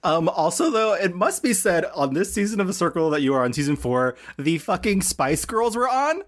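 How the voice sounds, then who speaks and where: A man hosting a podcast, chatting excitably with quick asides over a video call. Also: high-pitched. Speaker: podcast host. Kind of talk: casual chat.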